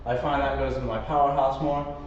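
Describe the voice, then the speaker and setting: The instructor's voice is medium-pitched, level and brisk, with slight background noise behind it. He runs a live Pilates workout in a warm studio, performing the exercises while counting and giving cues, at times breathless. The microphone picks him up from a distance, muffled and echoey.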